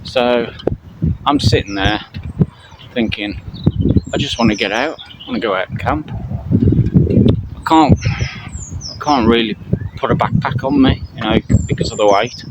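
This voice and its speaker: Breathless man vlogging beside loud traffic. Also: medium pitch. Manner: halting, many fillers and restarts. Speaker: camping channel vlogger. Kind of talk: casual spoken update to viewers while walking. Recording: loud outdoor traffic noise.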